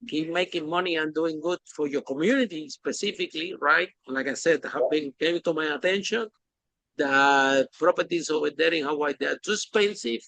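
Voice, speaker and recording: A man hosting a podcast interview, talking in an animated, emphatic way with phrasing. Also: fairly high pitch, gravelly, no room sound, poor audio. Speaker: podcast host. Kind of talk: casual interview chat.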